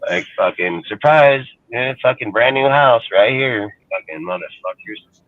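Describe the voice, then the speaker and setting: A man's voice: medium pitch, lively intonation, measured pace, no echo. A man hosting a sports fan show, ranting angrily with crude, scornful talk. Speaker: sports podcast host. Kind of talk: profane fan rant. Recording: tinny phone-like sound.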